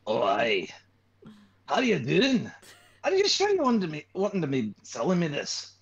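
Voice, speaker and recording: A man's voice: on the high side, huge pitch swings, measured pace, creaky, breathy edge, pitched above the performer's own voice, heavily acted. A man putting on an accented voice for a cheeky caller on a sales call, with a wheedling sing-song manner. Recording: muffled lo-fi mic.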